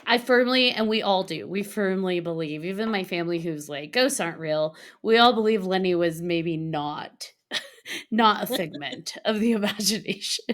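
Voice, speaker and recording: A woman telling a story in a casual podcast chat, animated, laughing often and acting out the lines of other people. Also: on the low side, normal speed. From Colorado. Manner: animated, laughing, acts out quotes. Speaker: podcast guest.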